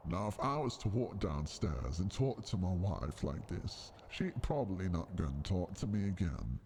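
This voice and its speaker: Streamer doing a low, warm story narrator, measured and lively in pitch. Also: male voice, a little hiss or hum. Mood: explaining. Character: deep calm male storyteller narrator.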